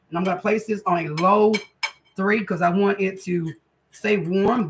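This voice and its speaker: Gravelly-voiced grandma cooking. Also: female voice, fairly low pitch, slight background noise, low-quality recording. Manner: chatty, homey, addresses viewers as guys and y'all. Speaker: cooking channel host. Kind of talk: casual cooking vlog. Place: home kitchen.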